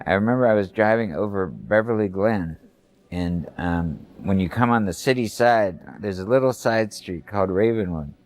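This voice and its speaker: A man, a screenwriter, calmly reflecting on his writing in a documentary interview. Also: sits low.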